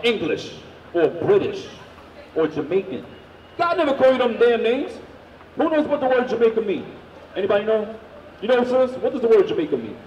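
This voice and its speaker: A man street preaching, loudly firing questions at the crowd and drilling his points home. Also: sits high, lo-fi sound, a little hiss or hum. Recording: echoey, from far off.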